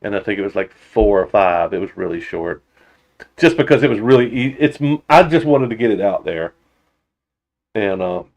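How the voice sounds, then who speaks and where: Hosting a relaxed motorcycle-channel stream, this man reads out viewer comments and replies with meandering answers, frequent laughs, and false starts. He speaks in a low, gravelly voice with a darkish tone and lively intonation.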